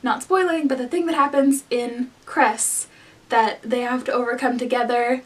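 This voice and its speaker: A woman's voice: on the high side, steady tone, normal speed, far from the mic. A young woman, a book vlogger, chatting casually to the camera in a gushing, rambling way full of "like" fillers.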